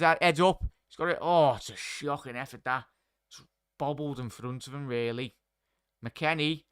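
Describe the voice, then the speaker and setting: A man's voice: on the high side, bright, forceful tone, smooth. A man hosting a live football watchalong, chatting with viewers as he calls the play. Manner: chatty, addresses chat and viewers by name. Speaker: watchalong host.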